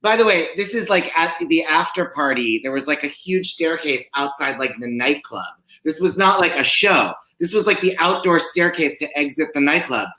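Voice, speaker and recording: A man's voice: a little high, lively intonation, moderate pace, hardly any pauses, bright, forceful tone, roomy sound. A man co-hosting a livestream talk show from his home kitchen, chatting in a campy way with lots of fillers. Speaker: co-host. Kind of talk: casual chat.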